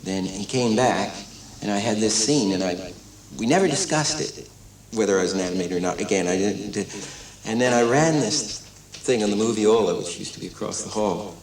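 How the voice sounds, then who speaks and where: An older man, an animator and director, telling stories in a documentary interview with lively acting-out of quotes and many restarts. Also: lowish voice, normal speed, hardly any pauses. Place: animation studio. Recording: echoey room, distant mic, crowd noise.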